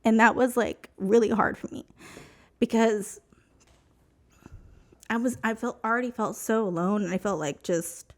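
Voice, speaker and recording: A woman's voice: on the high side, measured pace, long pauses. A woman from New Mexico, a podcast guest, telling a personal story in an emotional, chatty way, full of "like" and "you know".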